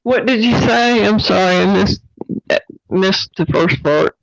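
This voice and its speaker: Slow gravelly Southern woman. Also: mid-range voice, dry recording. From Georgia, US Southern states. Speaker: chat participant. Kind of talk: casual group voice chat. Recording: dull lo-fi online call audio.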